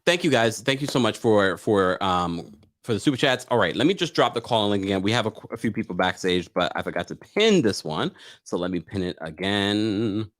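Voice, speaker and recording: A man hosting a live weekly recap stream, briskly pinning links and bringing up callers. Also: on the low side. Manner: relaxed, brisk, managing callers. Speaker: livestream host. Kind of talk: live recap show with call-ins.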